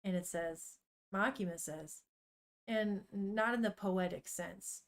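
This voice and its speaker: A woman streamer with a medium-pitched voice reads a manga aloud slowly while chatting casually with her viewers. She laughs often and swears now and then.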